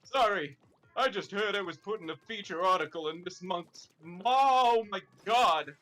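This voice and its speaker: A man voicing Luigi, an excitable, clumsy young plumber hero who stumbles over his words, in a casual fan-fiction table read. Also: high-pitched, normal speed. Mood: flustered.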